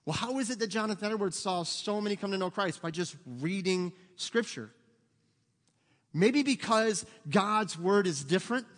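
A middle-aged pastor with a drawl delivers a sermon that feels like a conversation, full of humor and asides. His voice sits high for a man. It rings out with a long reverb through the church sanctuary. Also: expressive, normal speed, a bit bright.

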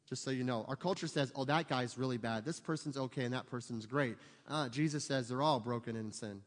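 A man's voice: medium pitch, in a large hall. A man preaching a sermon as pastor, speaking emphatically and asking his listeners rhetorical questions.

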